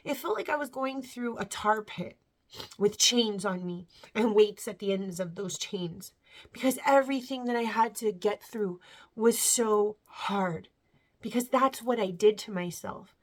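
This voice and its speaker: A woman's voice: a little high, fairly bright tone. A woman in her thirties giving an earnest, rambling spiritual testimony to camera, full of fillers and tearing up as she speaks. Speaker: vlogger sharing a faith testimony.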